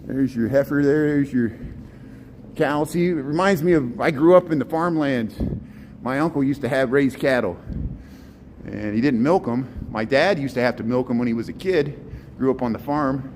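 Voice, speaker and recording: A man's voice: moderate pace, a little mellow. A middle-aged man rambles cheerfully through a walking vlog, pointing things out as he goes. He is recorded outdoors on a phone, with faint street and traffic noise behind him. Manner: chatty, rambling, talks to the animals in a high playful voice. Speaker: walking tour vlogger. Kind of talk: casual walking vlog narration. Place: outdoors at a city zoo farm in winter.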